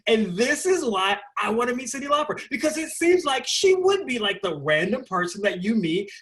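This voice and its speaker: A young man with a higher-than-usual voice talks through his answers in a relaxed interview. He rambles, circles back and fills pauses as he goes, with an animated, conversational flow. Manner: animated, rambling, lots of fillers like "like". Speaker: interview guest, stage performer.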